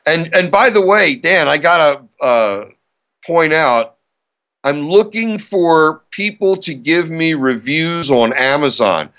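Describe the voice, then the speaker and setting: An older man, an author and radio host, speaks at a slow pace with a fairly high, slightly bright pitch and lively intonation. In a podcast interview he talks casually and eagerly, chatty and self-promoting, restarting often.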